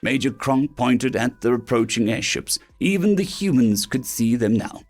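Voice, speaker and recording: A male audiobook narrator reads science fiction with a lively, swinging delivery. His voice has a gravelly edge. Soft music plays quietly beneath the reading. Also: medium pitch, normal speed, few pauses. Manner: animated, puts on voices for characters. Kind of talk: scripted narration of sci-fi stories.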